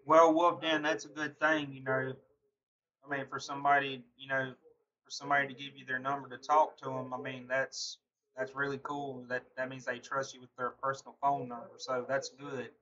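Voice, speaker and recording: A man's voice: medium pitch, level tone, moderate pace, bright, forceful tone. A man hosting a casual livestream, chatting loosely with viewers and answering their comments, full of fillers. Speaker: livestream host. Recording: dull lo-fi stream audio.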